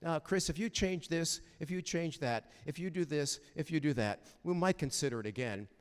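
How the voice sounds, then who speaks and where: Guy doing a brisk editor, businesslike, kinda dismissive, echoey room. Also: fairly high pitch, smooth, natural voice. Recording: reverberant chapel hall.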